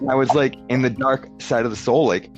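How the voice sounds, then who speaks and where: A man's voice: mid-range voice, brisk, muffled recording, soft background music. A man telling a rambling story in casual chat, filling it with "like" and acting out what people said. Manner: rambling storyteller, many "like"s, acts out dialogue. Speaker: podcast guest.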